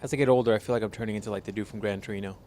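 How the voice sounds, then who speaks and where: A man's voice: on the low side, fairly even intonation, racing, warm tone. A young man co-hosting a casual podcast, talking bluntly with lots of swearing and joking. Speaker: podcast co-host. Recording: faint background noise.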